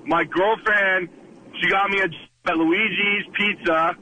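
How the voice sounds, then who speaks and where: A man's voice: high-pitched, fairly even intonation, a little slow, pushed and bright, slight background noise, low-quality recording. A man calling into a radio show, rambling through a story with hesitations and trailing asides. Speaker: radio caller. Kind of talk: casual phone-in anecdote.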